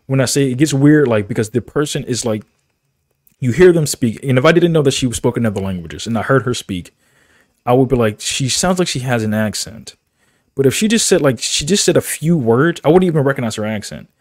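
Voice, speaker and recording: A man's voice: mid-range voice, lively intonation, fairly quick, a little mellow, no echo, clean studio sound. A man, a vlogger, talking casually to camera and rambling with many fillers and restarts.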